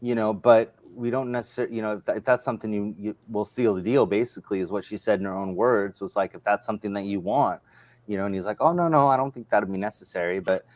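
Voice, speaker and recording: A man's voice: lowish voice, fast talker, a little mellow, no room sound. A man hosting a casual livestream chat, telling stories in a rambling way with many restarts. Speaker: host.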